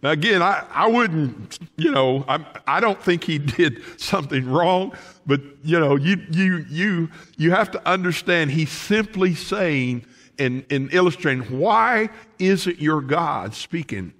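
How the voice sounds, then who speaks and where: Male pastor, folksy and animated sermon delivery, pitch all over the place, church hall reverb. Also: a little slow. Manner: animated, folksy preaching with asides to the congregation. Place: church sanctuary.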